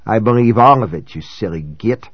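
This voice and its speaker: A half-drunk Irishman with a thick Boston brogue, put on by a male narrator teases his friend with hearty warmth. His lines are broad and playful. The recording is dry and slightly dull. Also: on the low side, expressive, moderate pace, no room sound. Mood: teasing. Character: half-drunk older Irish-American man, teasing.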